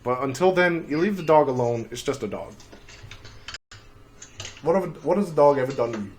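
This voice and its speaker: A man's voice: mid-range voice, expressive, moderate pace. Young man streaming, crude rambling jokes. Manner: rambling, crude, profane storytelling with dark jokes. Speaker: livestream host. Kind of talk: casual livestream chat.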